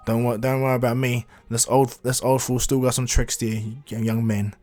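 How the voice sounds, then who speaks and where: A man voicing a gentle old male martial arts master who reassures his pupil. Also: mid-range voice, level tone, normal speed, dry recording, natural voice. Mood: reassuring.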